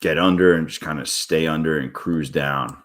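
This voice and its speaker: A man's voice: rumbling low, normal speed, fairly bright tone. A man streaming his day trading live, talking viewers through chart moves in a casual, blunt way and swearing freely when a trade goes wrong.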